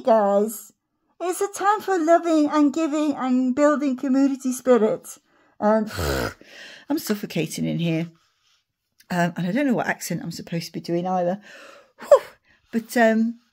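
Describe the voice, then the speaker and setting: A middle-aged woman chatting to camera in a rambling, animated way, acting out retold conversations. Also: mid-range voice, normal speed. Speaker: vlogger. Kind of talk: casual chat to camera.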